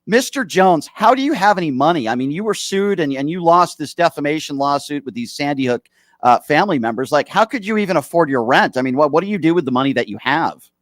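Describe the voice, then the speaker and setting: Lively, teasing male show host. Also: on the high side, fast, dry recording, studio quality. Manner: mock-innocent, teasing questions. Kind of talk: comedy call-in sketch.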